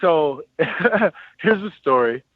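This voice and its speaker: Former athlete guest, 30s, male, lively slangy storyteller who repeats himself; dry, tinny phone-quality sound. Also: a little high, very slow, slightly rough, dry recording. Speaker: podcast guest, former football player. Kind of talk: casual storytelling interview.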